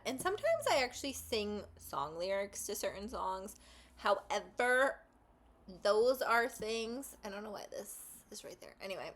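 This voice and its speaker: A woman hosts her tarot channel in a relaxed, unhurried chat. She rambles and interrupts herself with small asides. Her pitch sits in an ordinary middle range. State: just ate lunch, burpy. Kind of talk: casual vlog chat.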